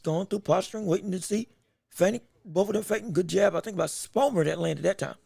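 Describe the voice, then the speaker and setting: A very high-voiced podcast host commentates a boxing bout live, showing vocal fry and a breathy edge on a close, dry recording. Hiccuping throughout, he reacts fast and excitably and keeps restarting phrases to correct himself as the fight unfolds.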